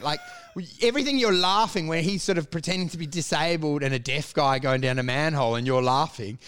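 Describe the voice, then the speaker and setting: A man's voice: on the high side, brisk, fairly bright tone, smooth. An Australian man co-hosting a podcast, ranting and mocking with lots of swearing and laughter. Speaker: podcast co-host. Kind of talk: crude comedic podcast chat.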